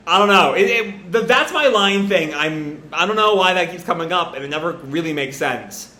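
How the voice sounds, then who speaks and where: A man's voice: high-pitched, animated, moderate pace, sharp tone. A man giving casual, rambling commentary while reading a comic aloud live. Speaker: manga reaction host. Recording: roomy echo.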